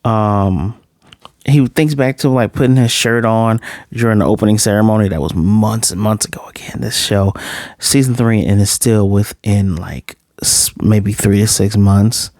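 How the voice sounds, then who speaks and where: A man's voice: on the low side, normal speed, a little mellow, no echo, studio quality. A man casually reviewing an anime episode, loose and rambling, with a few curse words. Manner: loose, rambling, profane, lots of fillers.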